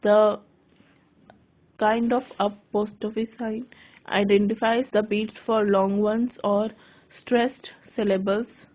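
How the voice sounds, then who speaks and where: A woman giving a lesson on writing poetry, reading her notes aloud haltingly and correcting herself as she goes. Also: mid-range voice, flat delivery, darkish tone. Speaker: lecturer. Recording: dull lo-fi recording.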